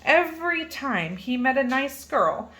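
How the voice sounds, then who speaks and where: Woman, reading a kids' picture book aloud, playful, bright, lively pitch, drawn-out words. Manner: playful, animated, drawn-out emphasis. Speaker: reader.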